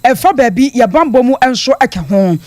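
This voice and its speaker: A radio news reporter delivering a steady, narrative report. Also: mid-range voice, a little slow, no echo.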